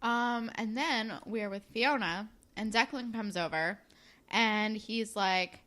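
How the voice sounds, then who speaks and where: A young woman co-hosting a podcast, casually recapping a TV episode with animated, opinionated, exasperated remarks. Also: mid-range voice, takes it slowly. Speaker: podcast co-host.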